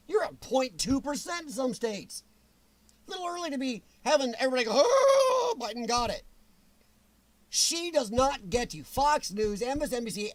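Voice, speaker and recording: A man hosting a livestream, ranting angrily and sarcastically with plenty of profanity. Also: extremely high pitch. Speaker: livestream host.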